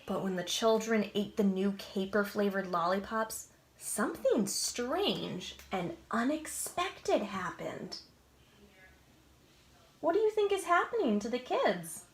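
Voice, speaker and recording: A woman librarian reading a picture book aloud to preschoolers, slow and expressive, asking the children questions. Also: mid-range voice, roomy sound. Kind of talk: preschool story time read-aloud.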